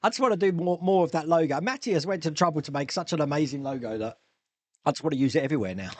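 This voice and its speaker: A man's voice: a little high, fast talker, dry recording. A man hosting a casual live stream from his home hobby room. He chats, rambles and reads viewer comments aloud. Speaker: live stream host answering viewer questions. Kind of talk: casual chat.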